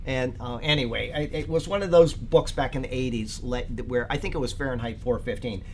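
A man's voice: mid-range voice, a little fast, a little mellow, slight background noise. A man leading a podcast Bible study, rambling and searching for words with many fillers, then reading aloud and leaning hard on key words.

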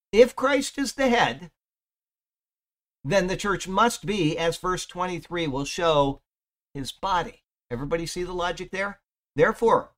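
A man's voice: a little high, a bit bright. A man teaching a casual verse-by-verse Bible study in a chatty, folksy way, stressing key words emphatically.

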